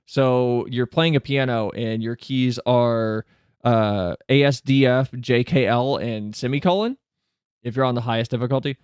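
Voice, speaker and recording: This male streamer talks casually while answering his chat's questions, and his fast side comments shoot upward when he's flustered. The audio is smooth and echo-free, with a studio-grade sound.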